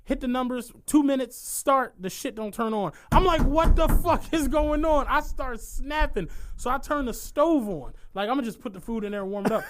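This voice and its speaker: A man's voice: very high-pitched, moderate pace, hardly any pauses, background noise. A young man, telling a story on a casual podcast, swearing and laughing as he goes. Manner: animated, swearing, laughs through his stories. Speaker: podcast co-host.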